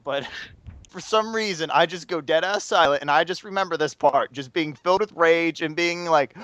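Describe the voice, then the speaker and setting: A man's voice: a little high, brisk, sharp tone, a little hiss or hum. A man hosting a podcast, telling a vulgar story in a rambling way and laughing at his own jokes. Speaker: podcast host. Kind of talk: vulgar storytelling between drinking shots.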